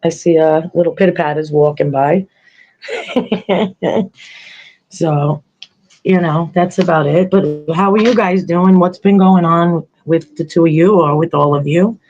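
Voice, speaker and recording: A woman's voice: lowish voice, unhurried, a little mellow, dull audio, soft background music. An older woman, a grandmother, hosting a podcast in loose, rambling casual chat, laughing often as she talks. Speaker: podcast host.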